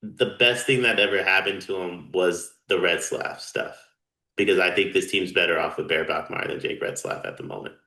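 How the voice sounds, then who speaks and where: Male sports co-host, lowish bright voice, opinionated, in an echoey room. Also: moderate pace. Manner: opinionated, relaxed, rambling. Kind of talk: casual sports talk.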